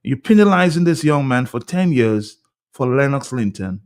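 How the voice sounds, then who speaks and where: A man hosts a call-in radio show, brisk and conversational. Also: mid-range voice, animated. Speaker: radio talk show host.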